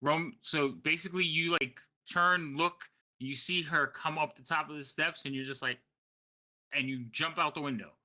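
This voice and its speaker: A man's voice: on the high side, fairly even intonation, normal speed, bright, forceful tone. A man narrating as game master, tired late at night, rambling and correcting himself as he goes.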